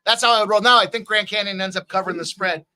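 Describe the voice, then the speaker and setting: A man's voice: high voice, fast, sharp tone, clear, resonant tone, low-quality recording. A man hosting a live sports betting stream, upbeat as he hypes his picks and reads out chat comments. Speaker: sports betting show host.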